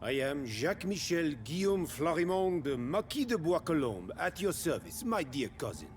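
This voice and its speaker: A man's voice: fairly high pitch, very animated, normal speed. A man with a French accent voicing a gleeful, decadent vampire aristocrat in a video game, theatrical and purring. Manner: theatrical, purring, relishing every word.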